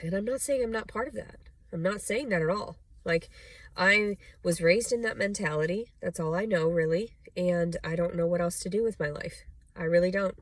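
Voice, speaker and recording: A woman's voice: fairly low pitch, moderate pace, no room sound. A young adult woman vlogging in a rambling personal monologue, blunt and profane, full of "like" and "you know".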